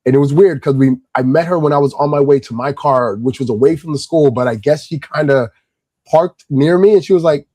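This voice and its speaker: A man from Irvington, New Jersey, telling a casual story as a guest, calm and subtle, then rising in energy. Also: on the high side, fairly quick, dry recording, low-quality recording. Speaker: guest, kids' Lego class instructor.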